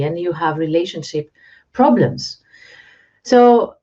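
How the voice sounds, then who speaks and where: A woman hosting a mental health channel, calmly explaining to camera and asking the viewer direct questions. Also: on the low side. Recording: dull lo-fi recording.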